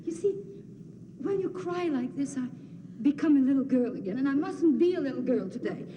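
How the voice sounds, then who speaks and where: An actress playing a young princess in a film drama, speaking softly and intensely, often close to a whisper. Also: female voice, high voice, animated, fairly quick, noisy background. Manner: soft, hushed, intense, often near a whisper. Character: defiant young princess, quietly resolved.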